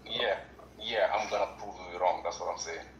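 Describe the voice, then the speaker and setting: A man's voice: low-pitched, normal speed, reverberant, dull audio, slight background noise. A man from Gambia, a guest on a livestream, speaking earnestly and repeating himself with lots of "you know". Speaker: guest caller. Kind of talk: casual chat.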